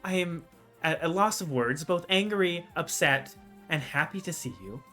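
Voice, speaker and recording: A man's voice: a little high, moderate pace, pushed and bright, faint music behind, voice pushed up. A man voicing a scolding, flustered mother. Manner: scolding, exasperated. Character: flustered middle-aged mother in her kitchen.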